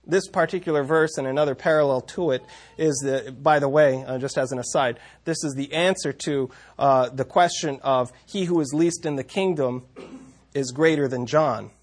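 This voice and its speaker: A man's voice: mid-range voice, moderate pace. A man teaching a Bible passage in a conversational way, reading verses aloud and stopping often to correct himself. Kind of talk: scripture teaching talk.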